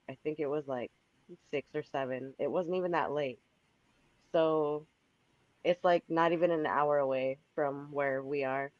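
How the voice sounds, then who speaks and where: A woman's voice: low voice, darkish tone, no echo. A woman calling into a podcast with a sick voice, telling a story in a chatty way and laughing between sentences. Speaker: caller. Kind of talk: casual storytelling. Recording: dull lo-fi call-in line.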